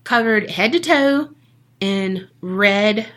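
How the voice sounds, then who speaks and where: Bright-voiced woman telling a story. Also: mid-range voice, animated, slow. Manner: profane, jokey storytelling. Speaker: podcast co-host. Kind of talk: casual storytelling chat.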